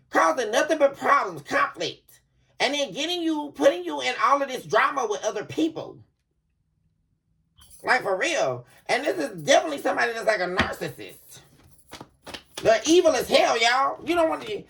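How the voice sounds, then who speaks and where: A woman doing a casual tarot reading for her viewers, animated and quick to laugh, calling out to them often. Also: fairly high pitch, vocal fry. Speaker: tarot reader.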